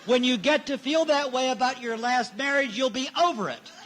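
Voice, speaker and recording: A man's voice: extremely high pitch, moderate pace, a bit bright. A male minister delivering a sermon in a church, emphatic, repeating his key phrases and acting out the people he quotes.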